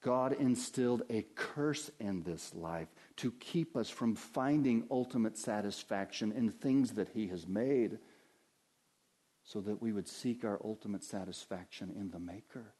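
A man preaching a sermon in an earnest, preacherly way, dropping to hushed lows and rising to loud impassioned highs. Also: measured pace. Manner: earnest, preacherly, addresses listeners as beloved.

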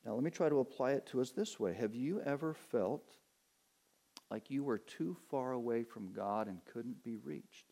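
A man preaching a sermon as pastor. He poses questions to his listeners and answers them, drawing out key words and climbing higher and stronger when he drives a point home. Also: creaky, warm tone. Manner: earnest preaching, rising in pitch and force for emphasis, slows on key words.

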